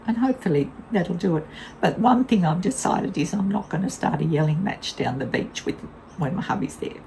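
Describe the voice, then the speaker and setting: An older woman speaks in a mellow, warm tone and rambles through a casual story. Her pitch swings widely as she talks. She is blunt and candid and laughs easily, with a faint hiss behind her. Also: lively intonation, fairly quick, gravelly, rough recording. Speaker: vlogger.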